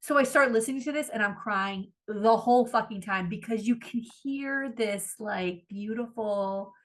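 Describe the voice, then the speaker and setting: A woman's voice: fairly high pitch, normal speed, fairly bright tone. A woman co-hosting a podcast, chatting casually and animatedly, gushing and swearing freely. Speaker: podcast co-host. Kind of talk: casual chat.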